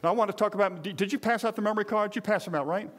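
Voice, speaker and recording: A man's voice: high voice, very fast, fairly bright tone. A man in his sixties preaching a conversational sermon to a live congregation, folksy and joking, often talking straight to the people in front of him. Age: 60s. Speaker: pastor.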